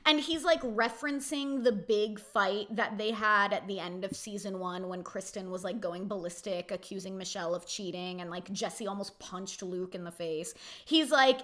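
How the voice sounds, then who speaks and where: A woman recapping a reality TV episode in a casual, opinionated way, talking fast with lots of "like" and mocking quotes of the cast. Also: medium pitch, a bit bright. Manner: chatty, frequent "like", quotes cast members in mocking voices.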